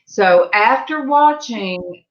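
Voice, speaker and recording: Woman panelist, slow-paced, meandering talker, muffled lo-fi audio. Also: on the high side, expressive. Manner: rambling, meandering. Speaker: panel guest. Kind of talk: casual chat. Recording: dull lo-fi webcam audio.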